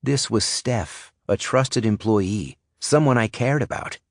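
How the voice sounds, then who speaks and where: A man reading a thriller audiobook in first person, measured and suspenseful. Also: lowish voice, no echo, studio quality. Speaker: audiobook narrator. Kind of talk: scripted audiobook narration.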